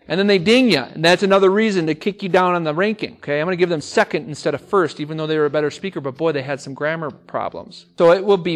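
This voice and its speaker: A man teaching a class of speech students, talking with energy and throwing questions out to the room. His voice sits a little higher than most men's. He repeats key words to drive a point home. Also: fast, hardly any pauses. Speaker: English teacher and speech coach. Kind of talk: classroom lecture.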